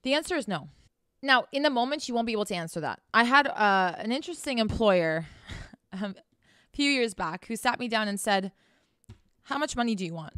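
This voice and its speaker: A woman with a smooth, clear voice delivering a candid self-help monologue to camera. She is blunt and sarcastic, swears freely and scolds the listener directly. The recording is dry and close, with no room sound. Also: on the high side, animated, normal speed, fairly bright tone, no echo. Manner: direct, scolding address to the viewer. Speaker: host.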